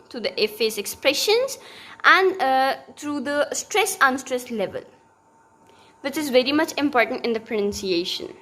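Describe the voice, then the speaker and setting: Woman, high voice, unhurried, lecture, lots of um and uh. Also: fairly bright tone. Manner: explaining slowly, with many fillers and restarts. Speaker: teacher. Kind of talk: recorded linguistics lecture.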